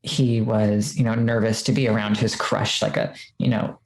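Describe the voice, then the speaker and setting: A woman's voice: very deep voice, level tone, moderate pace, darkish tone, roomy sound, low-quality recording. Chatty woman telling her story. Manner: chatty, many "like" fillers, quotes herself. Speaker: podcast guest. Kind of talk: casual personal storytelling.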